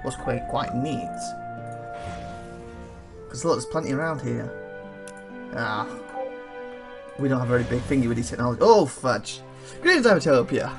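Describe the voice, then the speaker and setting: A man commenting on his own strategy game, thinking aloud and rambling fast with a dry throat he keeps clearing. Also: mid-range voice, over music. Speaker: let's play host. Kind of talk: gameplay commentary.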